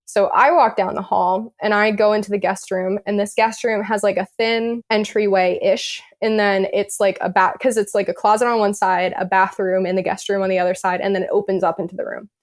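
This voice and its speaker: A woman's voice: medium pitch, flat delivery, a little fast, hardly any pauses. A young woman telling her own story on a podcast in a casual, rambling way, full of "like" and acted-out quotes. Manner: rambling, many "like"s, acts out quotes.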